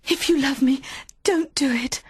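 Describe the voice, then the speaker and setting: A man voicing a young woman, a singer, in a high, soft, pleading falsetto in an audiobook. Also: a little slow, no room sound, clean studio sound. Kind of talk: audiobook character voice.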